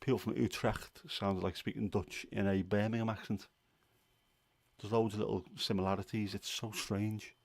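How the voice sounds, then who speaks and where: A man's voice: lowish voice, level tone, moderate pace, gravelly, darkish tone. A man with a Scouse accent from Liverpool, hosting a livestream and chatting casually with viewers, rambling with plenty of fillers. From Liverpool, England. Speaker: livestream host. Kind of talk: casual chat answering viewers.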